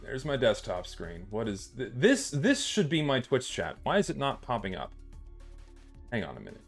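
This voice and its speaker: A man of ordinary pitch talks through a live stream, half to his viewers and half to himself. He drops curse words freely and mutters under his breath while sorting out his setup. Faint music plays behind him. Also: huge pitch swings, normal speed, vocal fry. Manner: swears often, mutters to himself while fiddling with settings. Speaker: livestreamer.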